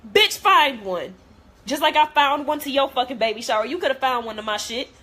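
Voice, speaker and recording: A woman's voice: sits high, animated, brisk, a bit bright. A young woman, talking straight to camera in an emotional rant, blunt and cursing heavily. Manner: blunt, heavy cursing, hurt and heated. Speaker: vlogger.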